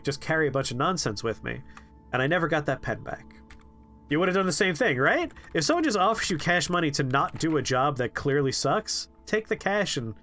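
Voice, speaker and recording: A man casually telling a funny story on a game stream, acting out the people in it. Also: on the high side. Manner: animated, quotes people in shifting voices, laughs. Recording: faint music behind.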